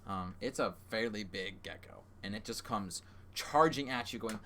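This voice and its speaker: Man, game master, narrating, halting, lots of fillers, low voice. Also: a bit bright.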